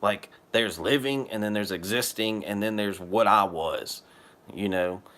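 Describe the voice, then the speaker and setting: A man's voice: fairly low pitch, measured pace, fairly bright tone. A man telling his personal religious testimony in an earnest, rambling, casual way. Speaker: testimony speaker.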